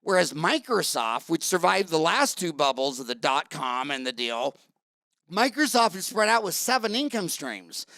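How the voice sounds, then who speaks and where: Middle-aged male podcast host, blunt and rambling, gravelly tone with a dry close sound. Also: fairly high pitch, very animated, moderate pace, bright, forceful tone, no room sound. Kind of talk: casual interview talk.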